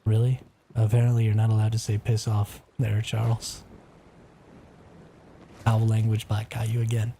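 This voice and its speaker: A man's voice: on the low side, completely flat delivery, normal speed, pauses often, warm tone, a little hiss or hum. A man chatting casually as he streams a survival game, talking to viewers and reading their chat aloud. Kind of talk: casual gameplay commentary.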